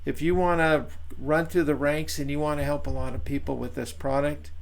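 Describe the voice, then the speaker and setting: A man's voice: fairly high pitch, fairly even intonation, brisk, creaky. A man leading a training session on a video call, chatty and encouraging, with plenty of fillers. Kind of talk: casual coaching on a video call.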